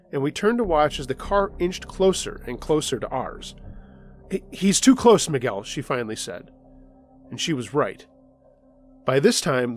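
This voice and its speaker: A man narrating first-person scary road stories in a scripted storytelling style, dropping his voice low for tense moments. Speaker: storyteller reading listener stories. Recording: faint music underneath.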